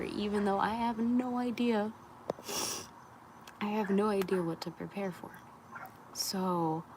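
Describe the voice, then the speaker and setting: Soft-spoken, half-whispering young woman. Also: lowish voice, a little hiss or hum, rough recording. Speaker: spiritual wellness creator. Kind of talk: candid live-stream talk.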